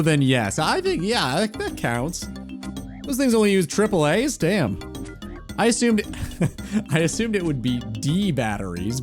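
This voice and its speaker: A man chatting casually on a gaming stream, teasing and mock-incredulous. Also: fairly high pitch.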